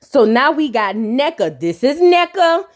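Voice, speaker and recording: A woman with a high, bright voice rattles through a reality TV recap. Her talk is loud with slang and cheeky jabs, a laid-back, mocking commentary. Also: very animated. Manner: sassy, slangy, rapid-fire mocking commentary. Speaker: reality TV reviewer. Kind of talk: casual comedic recap.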